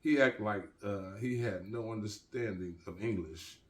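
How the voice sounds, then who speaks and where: A man's voice: lowish voice, measured pace. A man reading his own crime novel aloud, casual, with street-slang asides and restarts. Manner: relaxed, street slang, restarts mid-sentence.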